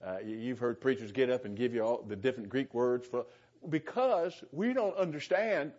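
A man's voice: mid-range voice, expressive, normal speed, a little mellow. A man preaching a conversational sermon, often repeating words as he starts a thought and chuckling between points. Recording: dull, lo-fi recording.

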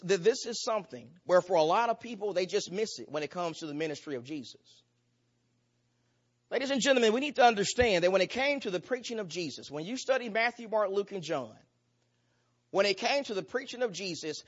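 A man's voice: sits high, animated, brisk, muffled recording. A man preaching a sermon with an emphatic, repetitive cadence that builds in intensity.

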